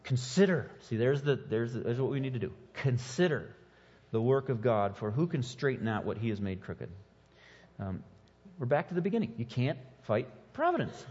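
A man preaching a sermon as pastor, animated and sometimes mocking as he acts out quotes. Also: medium pitch, normal speed, husky, long reverb tail, lo-fi sound.

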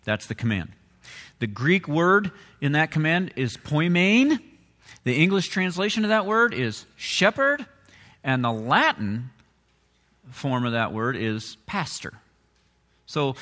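A man preaching a sermon in a mid-pitched voice, conversational one moment and rising with emphasis the next. His words ring out with the long reverb of a large church hall. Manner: conversational preaching, animated swings with emphatic rises. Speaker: pastor.

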